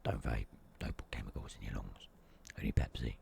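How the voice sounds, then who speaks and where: A man putting on a comically deep, droning voice, joking mock-seriously. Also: fairly even intonation, fairly quick, creaky, darkish tone, slight background noise, full character voice. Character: man's own voice pushed comically deep.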